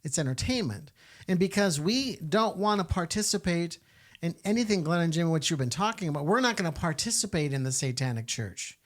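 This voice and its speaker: Male podcast host, lively higher voice, casual and questioning. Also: a little fast. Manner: animated, rhetorical questioning with many fillers. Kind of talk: casual Catholic podcast chat.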